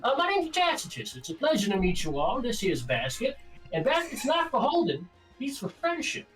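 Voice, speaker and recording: A man's voice: very high-pitched, huge pitch swings, moderate pace, a bit bright, pitched above the performer's own voice, heavily acted. A man voicing a mysterious male rock gnome uncle with a drawling, old-timey manner. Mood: folksy. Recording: distant mic with background music.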